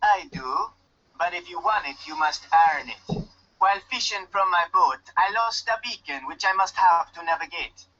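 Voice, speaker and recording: A man's voice: high-pitched, expressive, normal speed, pushed and bright, full character voice. An actor with a put-on Jamaican accent playing a guarded loner fisherman stranded on an island, stiff and curt with no contractions, in dull lo-fi game audio. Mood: gruff.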